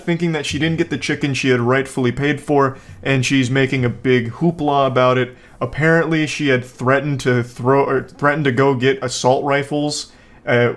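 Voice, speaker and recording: A man giving casual reaction commentary on a video from home, sarcastic and joking with rambling asides. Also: mid-range voice.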